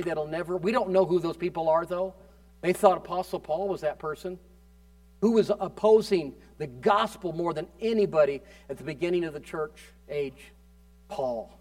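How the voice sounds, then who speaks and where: A man preaching with fervor, his voice sitting high for a man. He swings from ringing declarations down to quiet, intimate asides as he exhorts the congregation. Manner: fervent preaching, swings between loud declarations and hushed asides. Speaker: pastor. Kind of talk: sermon.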